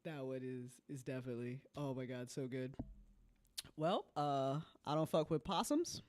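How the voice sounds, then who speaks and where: A woman hosting a casual podcast chat, giggling a lot and swearing in a relaxed way. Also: a bass voice, moderate pace. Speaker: podcast host.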